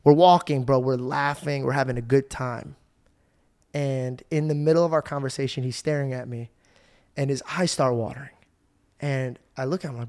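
A young adult man hosting a podcast, telling stories in a casual, animated way, swearing and saying "bro" a lot. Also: mid-range voice, moderate pace. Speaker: podcast host.

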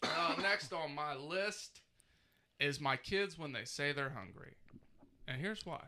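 A man's voice: on the high side, expressive, takes it slowly, bright, forceful tone. A man in his thirties co-hosting a podcast, ranting animatedly with lots of swearing in casual chat. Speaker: podcast co-host.

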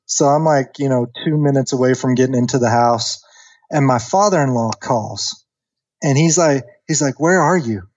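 A man in his thirties casually telling a long story on a podcast, animated and acting out the voices of the people in it. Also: mid-range voice, normal speed, dry recording, muffled recording. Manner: animated storyteller, acts out quoted voices, many fillers. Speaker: podcast guest.

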